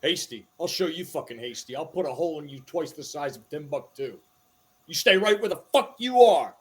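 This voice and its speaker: A man's voice: a little high, lively intonation, fairly quick. A man playing a tabletop game, talking aggressive and profane as his tough character. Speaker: player.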